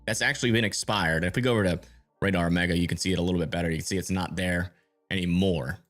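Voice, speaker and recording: Speaking fast in a low-pitched, steady, slightly bright voice, a livestream weather tracker gives live storm commentary. He thinks aloud and answers viewer chat while checking radar.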